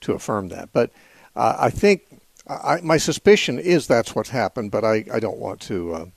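A man hosting a call-in radio show, answering callers in a measured, thoughtful way with frequent fillers. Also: medium pitch, big pitch swings, gravelly, dry recording. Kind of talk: call-in radio Bible teaching.

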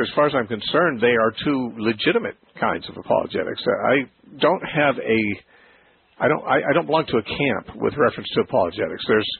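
A man hosting a call-in Bible radio show, explaining ideas slowly and thoughtfully with frequent restarts. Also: medium pitch, vocal fry, a little hiss or hum. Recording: phone-like narrow radio sound.

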